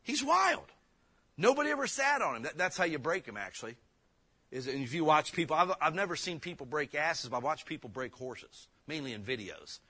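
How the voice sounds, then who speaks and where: A man preaching a casual, joking sermon, slowing down to read old scripture verses and breaking into loud emphatic bursts. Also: on the high side, expressive. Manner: reads King James verses slowly. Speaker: pastor.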